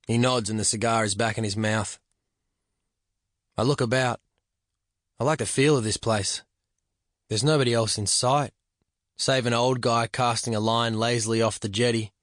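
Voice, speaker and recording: A man reading a literary novel aloud in the first person, reflective and measured, at a close studio microphone. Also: medium pitch, fairly even intonation, no room sound. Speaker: audiobook narrator.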